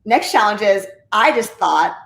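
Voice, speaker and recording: A woman telling her story as an interview guest, a real estate agent, talking in a high-energy, enthusiastic way. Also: expressive, a little slow, vocal fry, a bit bright. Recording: roomy echo.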